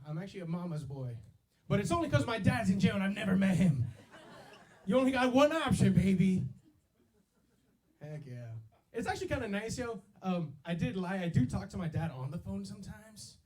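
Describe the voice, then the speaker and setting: A young man doing a stand-up set on a club stage, talking into a handheld mic. His voice sits high and bounces all over the place. He keeps it loose and slangy, dropping yo and baby between lines. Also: sing-song, normal speed, a little mellow. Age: 20s. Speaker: stand-up comedian.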